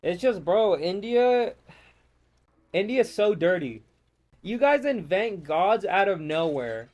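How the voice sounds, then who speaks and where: A man's voice: high-pitched, big pitch swings, slow pace, a little mellow. An American man chatting casually while playing a game, rambling and swearing as he rants. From United States. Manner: rambling, profane, ranting. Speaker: gamer. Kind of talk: casual gameplay chat.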